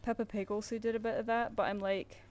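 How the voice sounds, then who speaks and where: A woman's voice: a little high, little pitch movement, fast, darkish tone. A young British woman chatting casually while she draws live commissions, cooing playfully at her pet between remarks. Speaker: streamer drawing live commissions. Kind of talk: casual chat while drawing.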